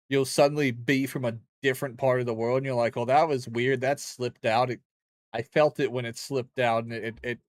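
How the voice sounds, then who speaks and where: A man's voice: medium pitch, no echo. A young man streaming a game, rambling and joking with chat in a loose, crude way. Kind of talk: casual gaming stream chat.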